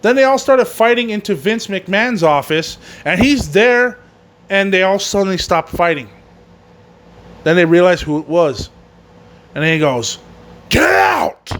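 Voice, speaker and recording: A man with a fairly high voice hosting a casual wrestling recap. He rambles loosely and swears freely. He often laughs at his own jokes. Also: lively intonation, moderate pace, fairly bright tone. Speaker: podcast host.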